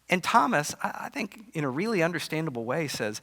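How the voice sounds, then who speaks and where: A male pastor preaches in a relaxed, conversational way, his fairly high voice swinging up and down as he tells stories. His tone is bright and clear. The sound carries the long reverb of a church hall. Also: fast talker, few pauses. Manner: animated storytelling with casual asides. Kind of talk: conversational sermon. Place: church sanctuary.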